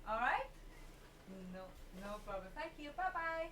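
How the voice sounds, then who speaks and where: Woman in an echoey room, slightly high. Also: big pitch swings, measured pace, a bit bright, a little hiss or hum. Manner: apologetic, patient explaining. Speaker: repair shop staff. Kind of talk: phone call with a customer. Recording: echoey room, far from the mic.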